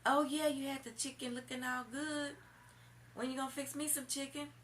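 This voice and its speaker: A woman's voice: little pitch movement, normal speed, slight background noise. A woman imitating her taunting, smug boyfriend while telling a storytime vlog. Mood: teasing. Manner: taunting, high and loud. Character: smug mocking boyfriend, adult man.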